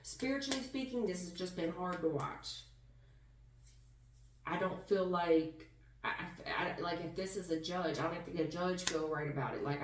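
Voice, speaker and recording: A woman's voice: lowish voice, moderate pace, a little hiss or hum. Folksy woman reading tarot, roomy. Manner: emphatic, folksy, calls listener hon and baby. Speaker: tarot reader. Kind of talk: casual spiritual reading. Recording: roomy sound, distant mic.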